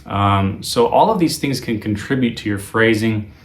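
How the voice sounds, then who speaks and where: A man teaching a guitar lesson in a relaxed, conversational way, with frequent ums and uhs. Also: on the low side, moderate pace, a little hiss or hum. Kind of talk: video lesson.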